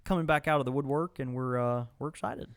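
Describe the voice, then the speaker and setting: A man co-hosting a podcast, talking casually at a middle pitch. He rambles, circling back through fillers and restarts. The sound is dry and close, with no room echo. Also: fairly even intonation, fast, clean tone. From Mississippi. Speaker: podcast co-host.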